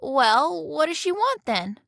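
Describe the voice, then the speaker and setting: A woman's voice: high voice, big pitch swings, slow, vocal fry, fairly bright tone, dry recording, clean studio sound, full character voice. Magic talking flounder, voiced by a woman. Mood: calm. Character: magical wish-granting flounder fish.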